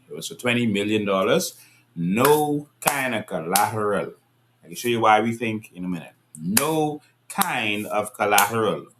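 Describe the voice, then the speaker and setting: A low-pitched man talks politics casually with his viewers, peppering them with rhetorical questions and scolding in an exasperated, animated manner.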